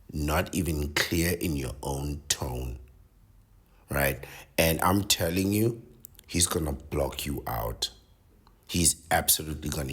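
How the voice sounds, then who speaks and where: A man's voice: sits low, breathy edge. A man reading out an article and reacting to it with sardonic commentary, lecturing his listeners and often adding "right?".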